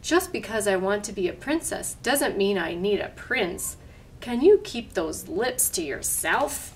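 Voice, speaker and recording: An earnest little girl, polite yet plucky, speaking her mind clearly, as a woman reads her part. She takes her time with each line. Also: medium pitch, expressive, a little slow, a little hiss or hum. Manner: polite but bold, earnest. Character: spirited young girl who dreams of royalty.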